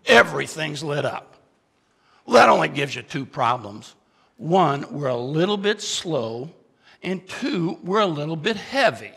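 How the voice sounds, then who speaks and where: A man telling a dramatic story as a keynote speaker to an audience. He asks the listeners questions and moves from loud, urgent bursts to hushed, confessional lines. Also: fairly high pitch, very animated, unhurried, vocal fry, breathy edge, big-room sound.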